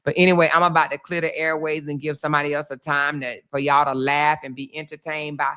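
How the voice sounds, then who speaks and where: A sassy woman hosts a live stream. Her voice is bright and forward, and she teases, laughs and riffs in casual commentary. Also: sits low, flat delivery, fast. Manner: sassy, teasing, laughs often.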